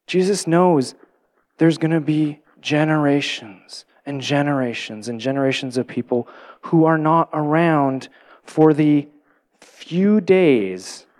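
In a sermon-like style, a man with a fairly high voice gives earnest, reflective Bible teaching. He asks his listeners questions and softens to a quiet voice at tender moments.

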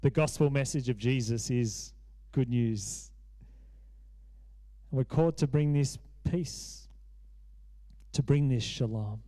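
A man's voice: mid-range voice, dark tone. A man in his thirties preaching a sermon as pastor, earnest and repeating phrases for emphasis.

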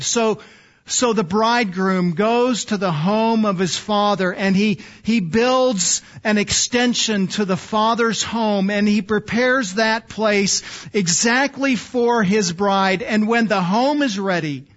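Slow, earnest high-voiced male preacher. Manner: slow, earnest, drops to soft low phrases for emphasis. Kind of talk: sermon. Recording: slightly dull, lo-fi sound.

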